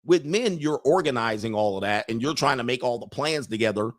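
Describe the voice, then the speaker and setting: Talking briskly with hardly any pauses, a man with an expressive, medium-pitched voice gives dating advice to men. His monologue is blunt, preachy, and casual; he laughs at his own points and mimics others in put-on voices.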